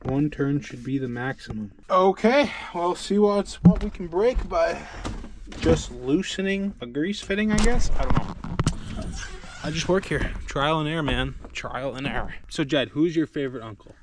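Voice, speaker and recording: A man's voice: a little high, animated, moderate pace. A man giving casual running commentary while repairing farm machinery, joking and poking fun at himself as he thinks aloud. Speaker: farm vlogger doing equipment repairs. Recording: noisy shop background.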